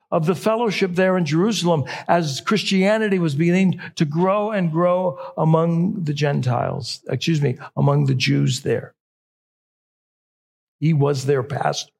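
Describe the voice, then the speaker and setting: A man's voice: on the high side, darkish tone. A middle-aged man preaching a sermon in a conversational way, often correcting himself mid-sentence. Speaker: pastor.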